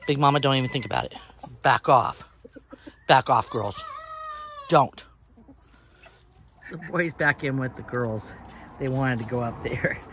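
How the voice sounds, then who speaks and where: Her rumbling low voice comes unhurried and a bit bright, broken by frequent pauses, with slight background noise. She chats to viewers as she does outdoor chores on her small farm, fussing at and coaxing her chickens while chickens cluck and birds sing nearby.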